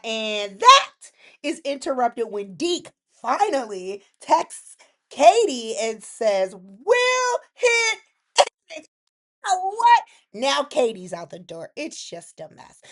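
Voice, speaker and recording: A woman hosting a casual recap vlog, chatty and opinionated, acting out quotes with sudden jumps in voice. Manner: chatty, animated, acts out characters' quotes in lively pitch jumps; opinionated asides to the viewer. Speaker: soap opera recap host.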